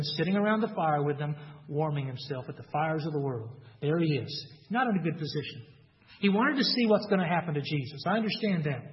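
A man's voice: fairly high pitch, big-room sound, lo-fi sound. A man with a Texas accent preaching a sermon, earnest, acting out quoted lines with rising emphasis. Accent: Texan. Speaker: pastor.

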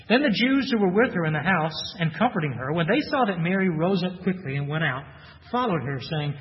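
A man preaching an expository sermon, reading scripture aloud and then explaining it earnestly. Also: high voice. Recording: muffled, reverberant hall recording.

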